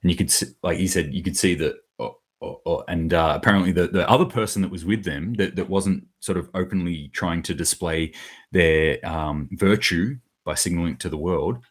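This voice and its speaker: Low-voiced man, blunt and rambling. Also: moderate pace. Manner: blunt, rambling, swears casually. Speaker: host of a daily preparedness news show. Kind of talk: casual solo commentary.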